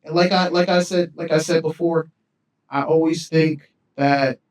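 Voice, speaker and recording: A man's voice: fairly high pitch, steady tone, unhurried, echoey room, distant mic, rough recording. A man co-hosting a casual podcast, rambling and repeating himself, dropping slang like "you feel me". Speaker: podcast co-host. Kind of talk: casual chat.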